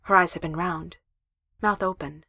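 A woman reading a story aloud in an expressive narration style with emphatic rises. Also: on the low side, normal speed, creaky, no echo, clean studio sound.

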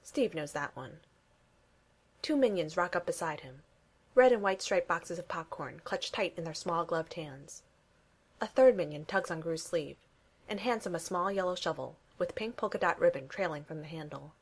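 A woman reading a fan fiction story aloud in a wry, even storytelling manner. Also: on the low side, normal speed, husky. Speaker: reader.

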